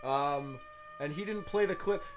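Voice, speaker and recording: Goofy higher-voiced young man. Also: measured pace, soft background music. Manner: goofy, laughing, loose rambling. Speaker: podcast co-host. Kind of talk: casual podcast chat.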